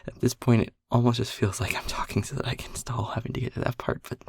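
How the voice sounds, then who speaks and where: A man voicing a shy, anxious male air elemental in an audio role-play, stammering and hushed as he rambles. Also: mid-range voice, level tone, vocal fry, breathy edge, dry recording, in a whisper. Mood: nervous rambling. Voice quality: stammering, halting, repeats words.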